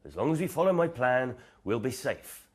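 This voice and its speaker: Guy reading as a fussy bossy owl w a plan, lively up and down voice, storybook. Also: medium pitch, moderate pace, pitched above the performer's own voice. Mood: reassuring. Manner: earnest and bossy planner. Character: fussy male owl who loves making plans.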